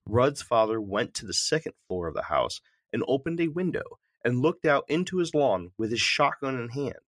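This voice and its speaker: A man hosting a podcast, reading a folklore story aloud in a measured way. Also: mid-range voice, sing-song, fairly bright tone, no room sound, clean studio sound. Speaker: podcast host reading stories.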